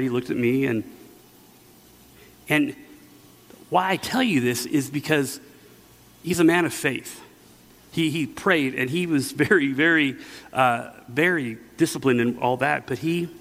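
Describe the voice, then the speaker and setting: A middle-aged pastor preaches in a relaxed, conversational way, stumbling over fillers and restarts as he tells stories. His voice sits at an ordinary pitch for a man and carries a long reverb from a church hall. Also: measured pace, long pauses. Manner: casual storytelling with many fillers and restarts. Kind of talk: conversational sermon.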